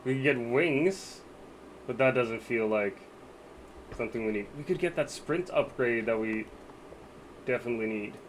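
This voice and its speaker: A man's voice: medium pitch, normal speed, long pauses, slight background noise. A man live-streaming a game, chatting casually with his viewers and thinking aloud about what to buy.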